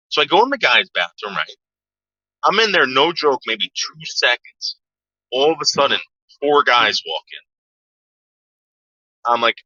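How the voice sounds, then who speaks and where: A man's voice: medium pitch, big pitch swings, a little fast, pauses often, bright, forceful tone, no echo. A man telling a story from his past in a casual, profane way, acting out the voices of the people he quotes. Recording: dull lo-fi sound.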